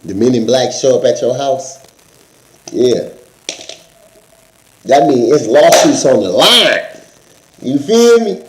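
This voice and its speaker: A man's voice: mid-range voice, animated, takes it slowly, long pauses, echoey room, background noise. A man co-hosting in casual chat, slangy and joking, talking straight to viewers. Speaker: co-host.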